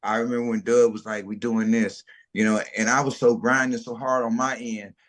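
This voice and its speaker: His mid-range voice moves fairly quickly as he shares the story of his food truck business in a relaxed interview. The middle-aged guest is lively and slangy, acting out the people he quotes.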